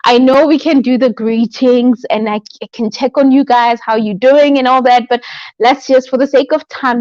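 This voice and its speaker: A woman's voice: a little high, darkish tone, dry recording. A woman hosts a motivational livestream, chatting to viewers, reacting to their comments and repeating her key phrases. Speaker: host. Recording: dull lo-fi livestream audio.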